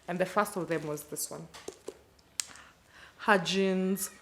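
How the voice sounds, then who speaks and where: A woman's voice: mid-range voice, normal speed. A woman with a Kenyan accent, chatting casually about the books she read this month, with playful slangy asides. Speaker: book channel host. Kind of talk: casual book wrap-up video.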